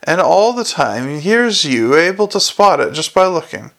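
A sardonic, gruff watch commander drips mock courtesy in a gravelly voice, as a man reads him aloud. His tone stays a little high and sly. It is a storybook figure full of dry menace. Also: sing-song, unhurried, a bit bright, heavily acted. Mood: sarcastic. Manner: mock-innocent sarcasm with a snarling edge.

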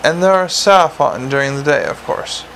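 A man's voice: fairly high pitch, normal speed, creaky, fairly bright tone, a little hiss or hum, low-quality recording. A man playing a proud, formal male museum curator who answers precisely.

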